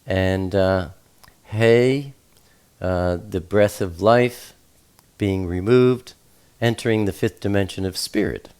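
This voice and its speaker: A man teaching scripture slowly and deliberately, with frequent fillers as he spells out Hebrew letters and their meanings. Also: fairly low pitch, a little mellow, clear, resonant tone. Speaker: Bible teacher.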